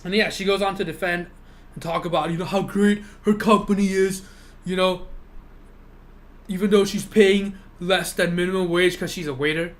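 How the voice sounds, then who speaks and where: Rambling, high-voiced young man ranting. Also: steady tone, moderate pace. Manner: rambling rant full of "you know" and swearing. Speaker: live streamer. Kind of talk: casual chat with live viewers.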